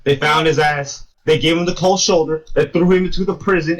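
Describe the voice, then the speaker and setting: A man's voice: on the high side, brisk, poor audio. A man co-hosting a podcast, chatting casually and swearing a lot, acting out the quotes in his stories. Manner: animated retelling with acted-out quotes, heavy swearing. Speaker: podcast co-host. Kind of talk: casual chat.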